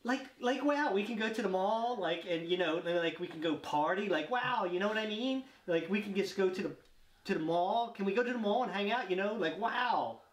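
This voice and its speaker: A man's voice: sits high, animated, a little fast. A man putting on the voice of a ditzy, mall-loving valley girl, rambling with airy fillers. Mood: giddy. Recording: echoey room, distant mic, faint noise.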